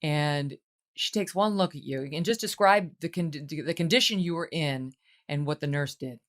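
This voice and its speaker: A woman's voice: deep voice, normal speed. A woman hosting an interview, asking conversational, emotionally engaged questions. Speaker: talk show host.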